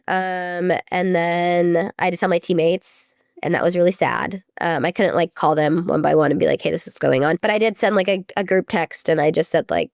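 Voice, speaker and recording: Low-voiced young woman, chatty storyteller. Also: brisk, vocal fry, no echo, studio quality. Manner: chatty, many "like" fillers, acts out quoted speech. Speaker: former college gymnast, guest. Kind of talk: casual storytelling interview.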